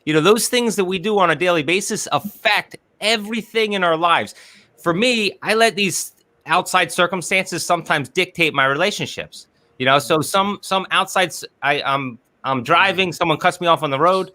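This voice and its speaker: High, bright-voiced man talking earnestly. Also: normal speed. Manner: earnest, repeats words while thinking. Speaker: guest, business strategist. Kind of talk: casual interview chat. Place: office.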